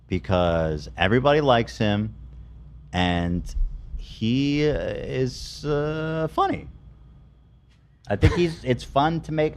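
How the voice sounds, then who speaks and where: A man's voice: medium pitch, a little mellow. A man hosting a podcast, chatting casually and joking crudely, laughing often. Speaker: podcast host.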